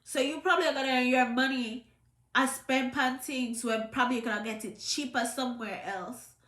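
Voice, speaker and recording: A woman's voice: high voice, normal speed, fairly bright tone, reverberant. A Jamaican woman with a trace of a British accent, giving an emphatic, scolding commentary to camera in patois. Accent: Jamaican, with some British. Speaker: vlogger.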